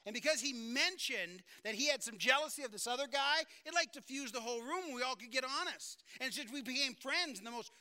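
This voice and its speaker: High, bright-voiced male pastor preaching. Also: expressive, fairly quick, few pauses. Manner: earnest, conversational preaching with repeated phrases. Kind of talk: sermon.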